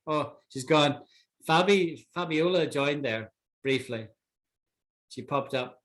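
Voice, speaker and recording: A man's voice: medium pitch, a little slow, long pauses, a bit bright. A man teaching English vocabulary in an online class, explaining and checking in with students often. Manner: explains with many "right?" checks.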